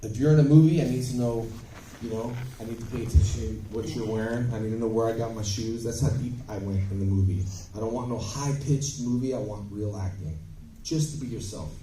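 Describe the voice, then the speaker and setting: Animated man, dark voice, echoey hall. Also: medium pitch, a little fast, slight background noise. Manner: animated, emphatic storytelling with bursts of volume. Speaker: panel guest, actor. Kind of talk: convention panel storytelling. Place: convention panel hall. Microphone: phone recording from the audience. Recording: echoey hall, phone from far off.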